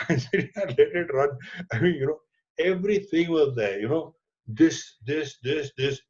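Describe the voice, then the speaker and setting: A middle-aged man with an Indian accent, a documentary filmmaker telling a lively story in conversation and mixing in Hindi words and casual swearing. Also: fairly high pitch, normal speed. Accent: Indian English. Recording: dull lo-fi audio.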